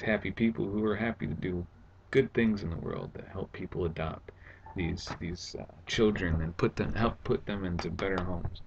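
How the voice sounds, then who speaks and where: Low gravelly man, sarcastic vlog rant. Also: darkish tone, dull audio, slight background noise. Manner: sarcastic, exasperated retelling. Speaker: vlogger. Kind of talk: casual storytelling vlog. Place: at home indoors.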